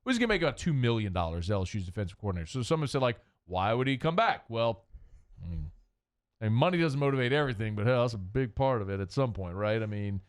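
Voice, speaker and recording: A man hosting a sports talk radio show in the studio, talking in an animated, emphatic way with rambling asides. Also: medium pitch, fast.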